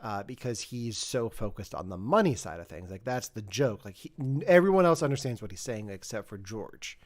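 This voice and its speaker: A man's voice: lowish voice, animated, normal speed. Man, podcast co-host, casual chat, rambling, self-correcting.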